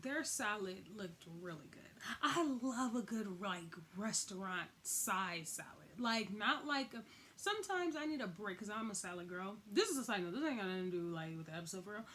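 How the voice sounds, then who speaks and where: A woman's voice: mid-range voice, slight background noise. A young woman talking through a TV episode in a casual, chatty way, with a loose lilt, acting out the characters' lines as she goes. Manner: chatty, animated, heavy use of "like", acts out quotes. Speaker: TV recap host.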